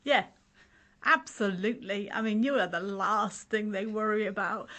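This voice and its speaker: A woman's voice: medium pitch, moderate pace, bright, forceful tone. Woman, middle-aged, casual chat, storyteller, laughs a lot, quotes others in their voices. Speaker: podcast host sharing her story.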